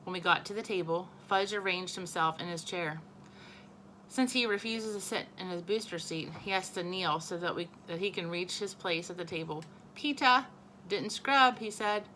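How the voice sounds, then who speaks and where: A woman teacher reading a children's novel aloud, expressive and correcting her own small slips. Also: on the low side, moderate pace, a little hiss or hum, poor audio.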